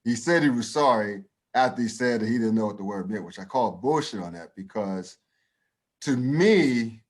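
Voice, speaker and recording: With a lowish voice and lively intonation at a normal pace, an American man co-hosts a laid-back podcast. He gives his opinions bluntly and forcefully, with plenty of swearing and many restarts.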